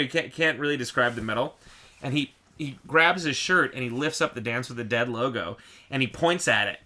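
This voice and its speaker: A man hosting a podcast, chatting casually and telling lively stories. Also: medium pitch, a little fast. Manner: animated storyteller, shouts in re-enactments. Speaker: podcast host. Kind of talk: casual chat.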